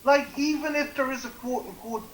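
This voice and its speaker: A man's voice: very high voice, a little fast, fairly bright tone. An Irish man chatting casually on a video call during a film watch party, riffing sarcastic jokes and swearing freely. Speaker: guest. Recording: echoey room with faint noise.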